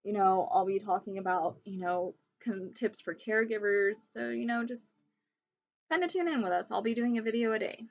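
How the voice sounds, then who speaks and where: A woman's voice: medium pitch, moderate pace, creaky, dull audio. Earnest, pleading young woman vlogging. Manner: pleading, emphatic, emotional. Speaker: vlogger sharing pregnancy illness resources. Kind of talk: earnest direct-to-camera vlog talk.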